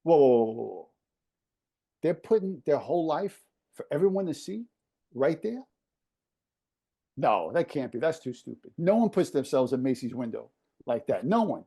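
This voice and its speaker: A man imitating an excitable old male basketball coach who scoffs and repeats himself. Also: a little high, moderate pace, husky, exaggerated voice. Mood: incredulous.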